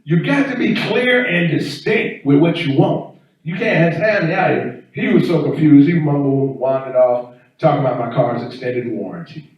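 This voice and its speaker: A man performing a stand-up comedy set, telling stories in an animated way. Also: normal speed, highs cut off. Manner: animated storytelling, swinging up and down in pitch. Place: event hall on campus. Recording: echoey room, distant mic.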